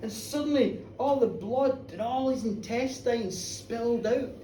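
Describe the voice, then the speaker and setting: A woman telling a story live in a pub, chatty and animated, playing to the crowd. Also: on the high side, measured pace, a little hiss or hum. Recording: echoey live bar, from a distance.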